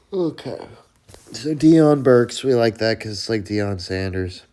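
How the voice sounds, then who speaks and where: A man's voice: fairly low pitch, expressive, measured pace, warm tone, smooth. A man hosting a casual sports show, rambling and swearing, and calling himself Coach in the third person.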